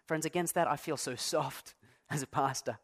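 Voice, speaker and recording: A man's voice: fairly high pitch, normal speed. A man preaching a sermon as pastor, conversational and self-deprecating, stressing key words. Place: church.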